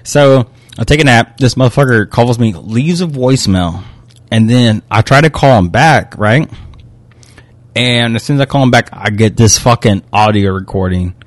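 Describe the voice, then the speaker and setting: A man's voice: mid-range voice, normal speed, no room sound. Heated, cursing young man. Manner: profane, heated, animated retelling. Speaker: podcast co-host. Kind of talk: casual chat, storytelling a complaint.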